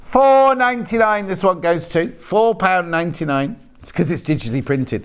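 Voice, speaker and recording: Presenting live on a shopping channel, a man with a highish voice and lively intonation speaks at a normal speed. He reads out fabric prices with jokey, chatty patter while bantering with the off-camera crew.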